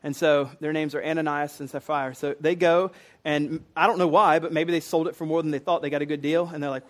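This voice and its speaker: Male pastor, somewhat high voice, relaxed teaching sermon, folksy and explanatory. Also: quick pace. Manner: casual and explanatory, with fillers and restarts. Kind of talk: conversational sermon.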